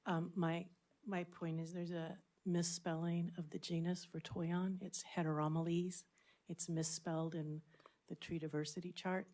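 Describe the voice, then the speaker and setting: Low-voiced woman on a committee. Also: level tone, measured pace, mellow. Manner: precise, enthusiastic. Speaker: committee member. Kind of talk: meeting discussion.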